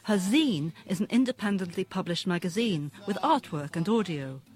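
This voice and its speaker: A man presenting and narrating a documentary, asking questions in a measured, even way. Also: sits high. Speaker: radio presenter.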